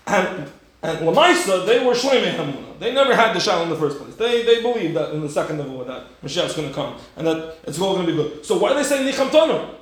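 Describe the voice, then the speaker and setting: Man, Torah class, rhetorical and animated, slightly high voice, very echoey room. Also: fast. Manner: animated, rhetorical, acts out the story with sudden high bursts. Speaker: rabbi giving a class.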